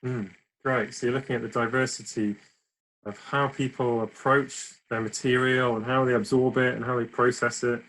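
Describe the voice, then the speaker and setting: A man's voice: mid-range voice, little pitch movement, normal speed, fairly bright tone, rough recording. A man hosting an interview, asking friendly, joking and somewhat rambling questions. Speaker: host, charity board member. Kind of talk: interview host.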